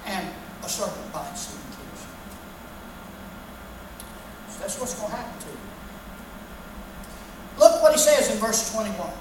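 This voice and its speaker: A woman's voice: mid-range voice, very animated, a little slow, pauses often, a little hiss or hum. A woman preaching a sermon, emphatically reading scripture and then explaining it in plain words. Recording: echoey hall from far off.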